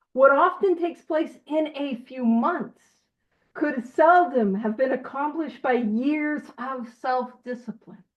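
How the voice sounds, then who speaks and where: Animated woman leading a study group. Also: high-pitched, dull audio. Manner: animated and emphatic, jokey asides. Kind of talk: casual group study reading.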